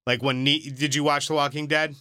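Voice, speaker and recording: Bright-voiced guy rambling on a podcast, lots of likes and you knows, dry close sound. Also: fairly high pitch, level tone, fairly quick, smooth, no room sound. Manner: rambling, many fillers and restarts. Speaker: podcast co-host. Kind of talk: casual chat.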